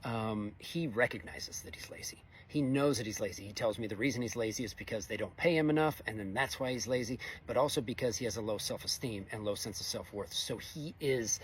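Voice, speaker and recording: A man's voice: lowish voice, a little fast, hardly any pauses, slight background noise. A middle-aged man, a welder, giving a blunt, exasperated opinion monologue in casual speech. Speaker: fabricator welder.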